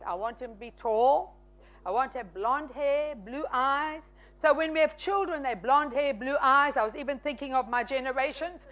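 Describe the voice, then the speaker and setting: High-voiced woman testifying. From South Africa. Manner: lively, acts out quoted dialogue. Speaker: guest sharing testimony. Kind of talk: faith testimony storytelling.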